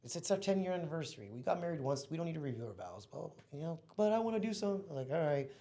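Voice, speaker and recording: A man's voice: on the high side, sing-song, racing, mellow. A man in his thirties, a podcast guest, telling a heartfelt personal story in an earnest, casual way. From Mexico. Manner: earnest, heartfelt, calls listener bro and man.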